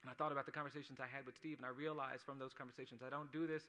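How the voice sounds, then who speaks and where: A man's voice: medium pitch, little pitch movement, rapid-fire, sharp tone. A man, a lawyer, giving an earnest personal speech at an awards dinner, building his points through repeated phrases. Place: awards dinner, speaking to an audience.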